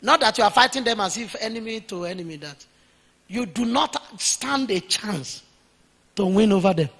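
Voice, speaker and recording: In a spacious church hall with a lingering reverb, a male pastor's high, husky voice carries his sermon. He speaks emphatically and expressively with a somewhat bright tone, pausing to spell out key points word by word for note-taking.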